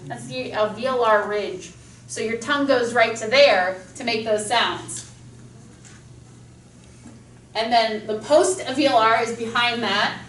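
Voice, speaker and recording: A woman speech teacher lecturing a class, enthusiastic and quick with examples, speaking through a mask. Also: fairly high pitch, fairly bright tone, slight background noise. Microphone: masked, recorded from across a classroom. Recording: echoey classroom from far off.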